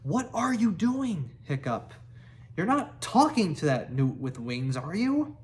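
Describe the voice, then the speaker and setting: A man voicing a sneering, bullying Viking boy who yells at others. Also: high voice, big pitch swings, slow, pitched above the performer's own voice, full character voice. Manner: yelling, sneering.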